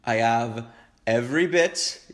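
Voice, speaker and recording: A young man hosting an eating show, chatting casually and excitedly between bites with lots of happy humming. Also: mid-range voice, takes it slowly, reverberant. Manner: chatty, excitable, frequent hums of enjoyment. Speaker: mukbang host. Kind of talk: casual chat while eating. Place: home, indoors.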